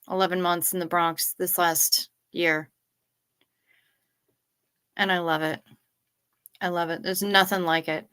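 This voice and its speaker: A young adult woman hosts a casual late-night livestream, chatting, reading viewer comments aloud and swearing freely. Her voice is on the low side, smooth yet sharp in tone.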